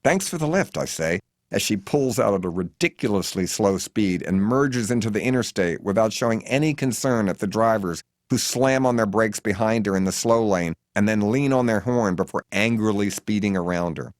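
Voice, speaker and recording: In a lowish voice and at a moderate pace, an American man reads his memoir aloud, telling his story with wry humor, vivid detail and lively intonation. The studio-quality recording has no echo.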